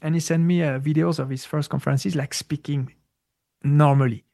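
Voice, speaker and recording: Interviewee, male, gravelly voice pitched a bit high, halting storyteller with many fillers. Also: steady tone, dark tone. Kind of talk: casual spiritual storytelling.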